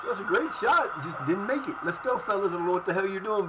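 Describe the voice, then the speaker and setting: A somewhat high-voiced man with a drawl streams live as he plays a football management game. He berates his underperforming virtual players with profanity-laced rants. A steady layer of noise sits under his voice. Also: quick pace, lo-fi sound. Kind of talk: live-stream gameplay commentary.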